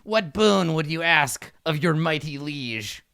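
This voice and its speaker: Gm doing a pompous little kobold king, high bright voice, slow grand proclamations, dry sound. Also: expressive, vocal fry, smooth, dry recording, full character voice. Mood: grandiose. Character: pompous male kobold king, small and boastful.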